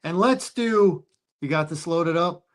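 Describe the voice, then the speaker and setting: Slow, deliberate sports show host. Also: male voice, a little high, expressive. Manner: slow, deliberate, reads lines and odds. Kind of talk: casual sports picks chat.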